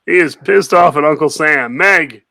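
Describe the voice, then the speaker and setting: A man's voice: fairly high pitch, normal speed, vocal fry, bright, forceful tone, no room sound. A man hosting a comedy game show, laughing often as he calls on each player by name. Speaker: host.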